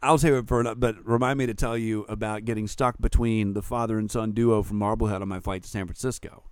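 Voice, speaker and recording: A man, chatting as a podcast co-host, telling animated stories, swearing freely and acting out what people said. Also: on the low side, fast, smooth, no echo. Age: 40s. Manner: animated storyteller, swears freely, acts out quotes. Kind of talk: casual chat.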